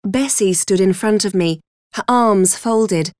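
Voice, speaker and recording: Woman audiobook narrator, first person; slow, measured, dry close recording. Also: medium pitch, a little mellow, no echo. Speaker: audiobook reader.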